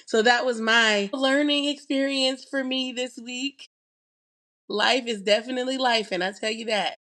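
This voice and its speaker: A woman's voice: on the high side, steady tone, measured pace, fairly bright tone. A woman co-hosting a casual chat, reflecting on her week and acting out what she told people.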